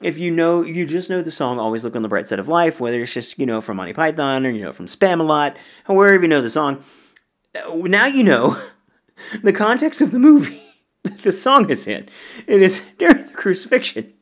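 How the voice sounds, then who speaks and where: A man's voice: fairly high pitch, sing-song, a little fast. A man hosting a podcast and chatting casually about films he loves, often breaking into laughter as he talks. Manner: laughs often while talking. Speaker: podcast host. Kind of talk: casual film review chat.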